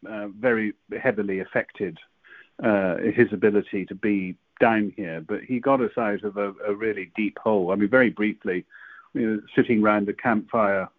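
A man talking in casual chat, halting and stammering often as he recounts an experience. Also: lowish voice, fairly even intonation, no room sound. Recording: dry tinny phone-like line.

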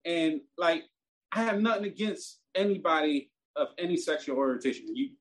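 Guy telling a wild story, fired up, cursing a lot, a bit high voice. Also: normal speed. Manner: animated, profane, gets heated and loud. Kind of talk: casual storytelling.

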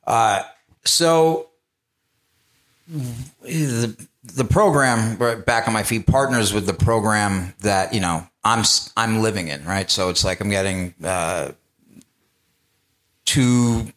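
A man's voice: on the low side, slow pace, long pauses, fairly bright tone. A man speaking as a guest on a live panel, telling his own story candidly, with laughter and quoted asides.

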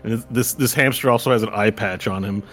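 Relaxed man narrating as game master. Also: on the low side, fast.

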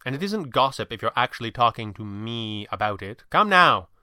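A man voicing a young gentleman of the house who talks in a dry, understated way. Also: medium pitch, sing-song, normal speed, dry recording. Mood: wry.

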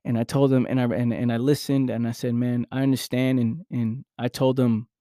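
Speaking fairly quickly and hardly pausing, this podcast host gives a motivational talk that is earnest and emphatic, with repeated key phrases and casual swearing. His medium-pitched voice is mellow and level in tone, captured in clean studio sound with no room sound.

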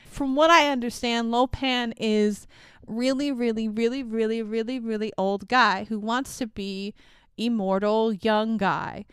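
A woman co-hosting a casual movie review chat, animated and swearing, playing up her confusion and acting out the characters. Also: on the high side, unhurried, clean tone, no room sound. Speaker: podcast co-host.

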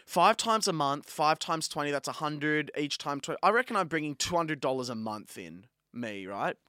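A man's voice: fairly high pitch, moderate pace, dry recording, clean studio sound. A young Australian man co-hosting a podcast, telling stories animatedly in casual chat. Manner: animated storyteller, acts out dialogue. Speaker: podcast co-host.

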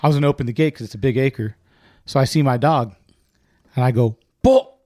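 A man's voice: mid-range voice, quick pace, darkish tone, dry recording, studio quality. Laid-back man in his forties saying dude. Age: 40s. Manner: laid-back, calls everyone dude, swears freely. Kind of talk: casual chat.

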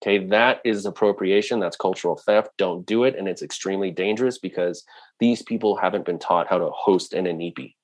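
A man's voice: low voice, brisk. A man speaking earnestly in a conversational way about culture, with frequent restarts. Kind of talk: casual talk.

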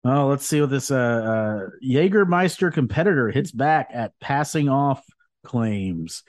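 Man host, casual rambling talk, mid pitch, dry close mic. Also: lively intonation, measured pace, no room sound. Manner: rambling, laughs often. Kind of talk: casual chat.

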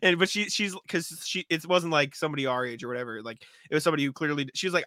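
A man's voice: a little high, rapid-fire, few pauses, pushed and bright, no room sound, clean studio sound. A young man co-hosting a podcast, chatting casually and laughing often as he tells stories. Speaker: podcast co-host. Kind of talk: casual chat.

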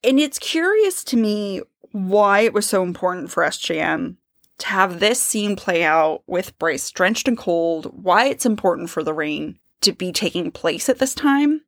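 A woman's voice: mid-range voice, expressive, measured pace, no room sound, clean studio sound. A woman co-hosting a book podcast, chatting casually in a thoughtful, analytical way. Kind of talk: casual chat.

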